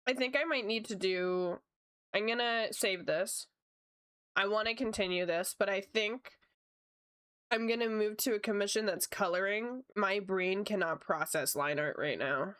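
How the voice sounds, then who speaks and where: A woman's voice: mid-range voice, a little slow, fairly bright tone, clean tone, no echo, studio quality. A woman chatting casually with her stream while drawing, often breaking into laughter. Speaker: art streamer.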